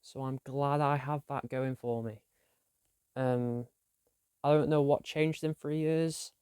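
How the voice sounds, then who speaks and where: A man's voice: medium pitch, fairly even intonation, takes it slowly, darkish tone, clean tone, no room sound, studio quality. A young man, chatting casually about his week in a rambling, self-deprecating diary vlog. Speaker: vlogger.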